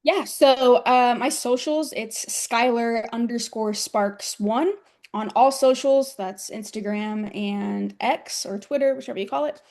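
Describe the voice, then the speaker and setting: With a slightly high, darkish voice and a measured pace, a young woman from the US who wrestles professionally swaps stories in a relaxed interview. She giggles frequently as she talks.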